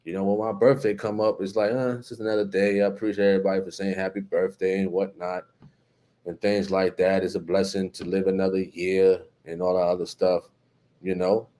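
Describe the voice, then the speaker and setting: A man's voice: deep voice, flat delivery, a little fast, dark tone. A man from New Jersey with a New Jersey accent, hosting a casual live-stream chat, reading out viewer comments in a laid-back way. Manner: reads out viewer comments and greets viewers by name, laid-back, many fillers.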